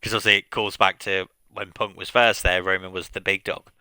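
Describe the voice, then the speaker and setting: A man's voice: deep voice, level tone, a little fast, bright, forceful tone, clear, resonant tone, no room sound. A man streaming a game, recapping at length in casual commentary, with frequent fillers and restarts.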